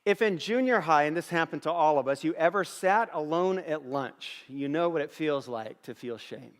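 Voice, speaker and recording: A man's voice: fairly high pitch, normal speed. A middle-aged man preaching a sermon as a pastor, earnest, telling stories and repeating phrases for emphasis. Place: church auditorium. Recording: long hall reverb.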